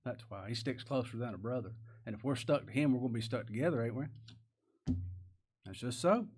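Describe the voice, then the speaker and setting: A man's voice: mid-range voice, fairly quick, a little mellow, slightly rough. A man preaching a sermon, folksy and plain-spoken, asking the congregation rhetorical questions and reading scripture aloud. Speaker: pastor.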